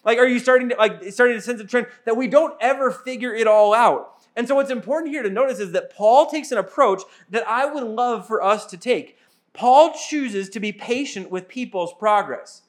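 Young male pastor, high-pitched voice, casual earnest sermon delivery, self-mocking humor. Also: fairly quick, few pauses.

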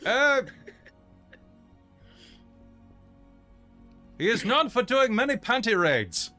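A man's voice: very high-pitched, very animated, normal speed, bright, forceful tone, soft background music, voice pushed up, exaggerated voice. A man voicing a suave male vampire noble with a theatrical, shifting put-on accent. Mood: courtly. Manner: theatrical, courtly accent that slips around.

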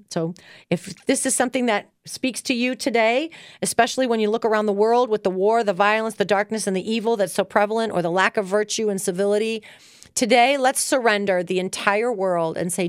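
A middle-aged woman sharing a devotional talk, earnestly reading prayers and slowing down for them. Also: medium pitch, clean tone, no room sound, clean studio sound. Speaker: co-host, devotional speaker.

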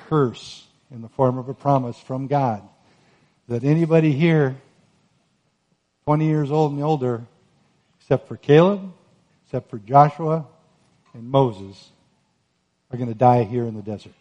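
A man preaching a sermon on Scripture, earnest and emphatic, rising to forceful peaks. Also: mid-range voice, a little slow, pauses often, muffled recording. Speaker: pastor.

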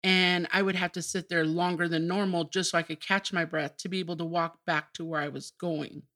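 Bright-voiced woman telling her story. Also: fairly low pitch, fairly even intonation, a little fast. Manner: open and emotional, breaks into laughter. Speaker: podcast guest. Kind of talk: candid personal storytelling.

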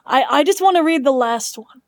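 Soft-spoken woman podcast co-host. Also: high voice, animated, normal speed, no room sound, studio quality. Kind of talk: casual chat.

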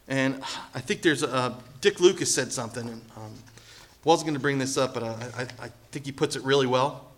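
A man preaching a sermon in a lively, conversational way, acting out quotes and building to loud emphasis. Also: mid-range voice, brisk. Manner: animated, acts out quotes, jokes, rises to loud emphasis. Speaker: pastor.

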